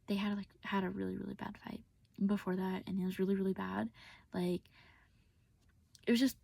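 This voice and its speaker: A woman's voice: mid-range voice, gravelly, mellow, husky, no room sound. A young woman telling a personal story in a rambling, casual way with lots of filler words, often half-whispered, recorded on a phone. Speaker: vlogger.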